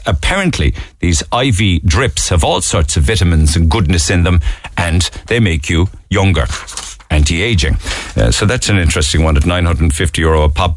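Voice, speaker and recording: A radio host from Ireland with a Cork accent talks through the morning papers in a chatty way, dropping asides and quips as he goes. His voice sits low but swings widely up and down. The studio sound is close and dry. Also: no echo. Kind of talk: radio newspaper review and announcements. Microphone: studio microphone.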